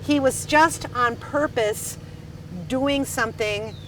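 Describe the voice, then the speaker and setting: A woman from Wisconsin, a restaurant dining room manager, telling stories in a lively, emphatic casual chat. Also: sits high, takes it slowly. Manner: animated, emphatic storyteller. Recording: slightly distant mic, faint background noise.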